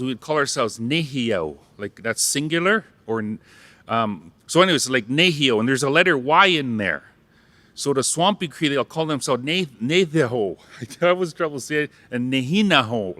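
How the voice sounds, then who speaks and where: Man from Saskatchewan, Canada, mid pitch with a bright edge; cheerful language teacher who jokes and gets the room repeating after him. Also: no echo. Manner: playful, jokes, leads audience call-and-response. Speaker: Cree language teacher and ceremonial helper. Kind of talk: interactive public talk teaching words.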